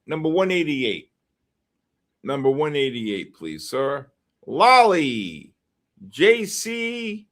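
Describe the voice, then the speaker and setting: A man hosting a live stream, calling out giveaway numbers and names in a casual, drawn-out way with quick asides. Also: medium pitch, creaky, fairly bright tone. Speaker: livestream host calling giveaway winners.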